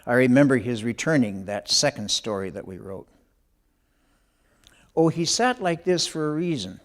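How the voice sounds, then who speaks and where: An older man, an author, telling a story from his own schooldays in an animated, conversational way. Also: mid-range voice, moderate pace. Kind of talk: spoken memoir storytelling.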